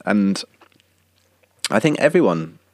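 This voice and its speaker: A man's voice: on the low side, very animated, slow pace, no room sound. Man, young adult, slight cough, rambling podcast chat, dry close sound. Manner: rambling, self-correcting, chatty. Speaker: podcast host and singer-songwriter. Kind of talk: casual chatty monologue.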